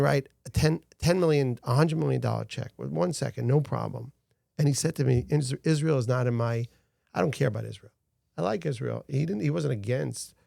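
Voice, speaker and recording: A man's voice: mid-range voice, gravelly, warm tone, dry recording, studio quality. A middle-aged man, a guest in an interview, telling stories earnestly with frequent restarts. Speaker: guest, founder of a rescue organization. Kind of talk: casual interview talk.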